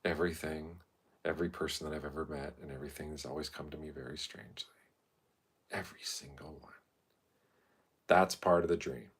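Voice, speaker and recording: A man's voice: very deep voice, fairly even intonation, a little fast, long pauses, breathy edge. A man vlogging in a loose, meandering monologue, swearing freely and filling gaps with "like" and "you know". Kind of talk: rambling casual monologue.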